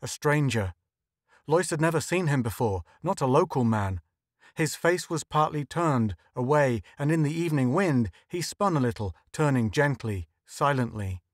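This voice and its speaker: This is scripted narration: a male audiobook reader telling a story in a middle-pitched voice, unhurried and even. It's recorded up close and dry, with no echo and no sense of the room.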